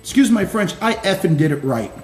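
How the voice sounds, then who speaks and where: A former Marine officer, a man, telling stories as a guest in a casual interview, animated, laughing and swearing casually. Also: high voice, fairly quick. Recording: roomy echo.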